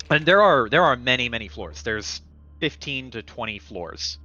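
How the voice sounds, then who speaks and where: A man's voice: medium pitch, sharp tone. A man narrating as game master of a tabletop role-playing game, casual and rambling. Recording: dull lo-fi stream mic.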